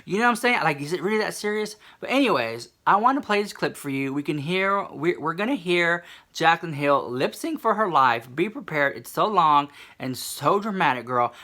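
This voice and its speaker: Man, sassy gossip vlogger, lively swooping pitch, bright voice, chatty commentary. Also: normal speed. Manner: sassy, addresses listener as "girl".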